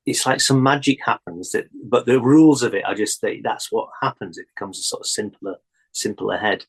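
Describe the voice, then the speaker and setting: Animated man telling stories with laughs. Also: lowish voice, fairly quick, breathy edge, rough recording. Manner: animated storytelling, laughs often. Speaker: guest. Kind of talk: casual chat.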